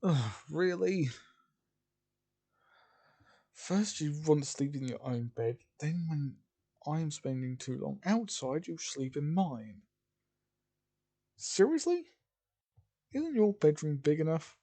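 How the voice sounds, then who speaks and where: A man voicing a put-upon young man who sighs and answers with sarcasm, his voice pushed a little higher than his own and kept warm and mellow. He sounds worn out by constant teasing, told at an unhurried pace in a homemade fan story. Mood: exasperated. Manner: sarcastic, sighing. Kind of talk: improvised fan story narration.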